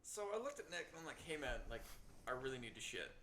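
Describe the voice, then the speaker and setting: A man's voice: medium pitch, big pitch swings, fast, very noisy. A young man chatting casually on a podcast, profane and full of "like" fillers. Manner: profane, hedging with lots of "like". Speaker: podcast co-host. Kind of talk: casual chat.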